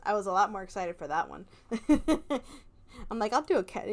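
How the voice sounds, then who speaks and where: A woman's voice: medium pitch, very animated, normal speed, a little mellow. A young woman streamer playing a game and reading its text aloud, chatting playfully and giggling between lines.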